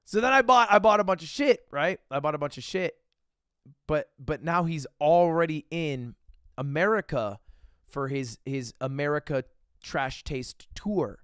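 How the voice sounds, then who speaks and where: A young man livestreaming and chatting casually with his audience, telling stories in an excited, rambling way with stammering restarts and plenty of swearing. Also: on the high side, normal speed, clear, resonant tone, dry recording, studio quality. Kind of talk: casual chat with a live audience.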